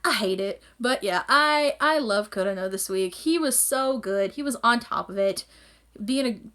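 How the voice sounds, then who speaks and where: Excitable woman recapping an anime. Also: on the high side, moderate pace. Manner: excitable, swearing, rambling. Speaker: anime reviewer. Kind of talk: casual episode recap.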